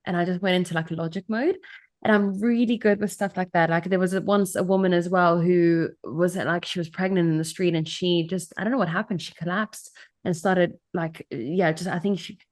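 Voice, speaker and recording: A young woman with a low voice talks through personal stories in an easy, chatty podcast conversation. She loops back with little fillers and restarts as she goes. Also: steady tone, normal speed. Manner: chatty, storytelling, frequent fillers. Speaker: podcast guest. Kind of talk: casual conversation.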